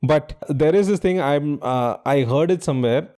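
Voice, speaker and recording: A man's voice: on the high side, normal speed, dark tone. A man co-hosting a quiz podcast, giving clues and explaining trivia at length in casual chat.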